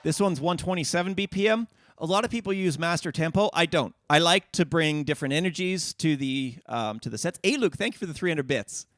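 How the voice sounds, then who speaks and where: A man's voice: fairly high pitch, fairly quick, fairly bright tone, dry recording, studio quality. A man teaching DJ techniques on a live stream in a casual, explaining way, with frequent fillers and restarts. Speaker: DJ instructor. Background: dance music playing.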